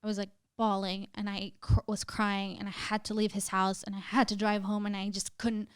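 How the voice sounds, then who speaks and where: Smooth-voiced young woman telling a story. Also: mid-range voice, level tone, moderate pace, no echo, clean studio sound. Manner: emotional, many "like" fillers, swearing. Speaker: podcast guest. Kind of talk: casual storytelling.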